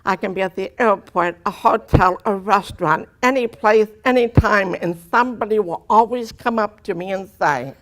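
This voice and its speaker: A woman with a deaf speech pattern gives her testimony at a medium pitch for a woman. Her vowels and consonants land unusually, so listeners often take her for a foreigner. She tells her story earnestly and slips in dry humor. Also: normal speed, hardly any pauses, a bit bright. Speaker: speaker giving a personal testimony. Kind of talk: testimony talk to an audience.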